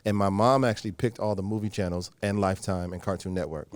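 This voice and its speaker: A man in his thirties talks fast in a deep, low register, telling stories with lots of restarts. The sound is close and dry, like a studio mic. His manner is animated and casual. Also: dry recording. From Los Angeles. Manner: animated storyteller, many restarts. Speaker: actor guest. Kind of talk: casual interview talk. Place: radio studio.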